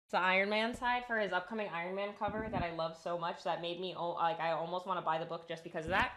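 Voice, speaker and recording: A woman's voice: lowish voice, fast talker. Chatty young woman streamer, roomy echo. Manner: chatty, rambling, easily excited. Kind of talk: casual live-stream chat while crafting.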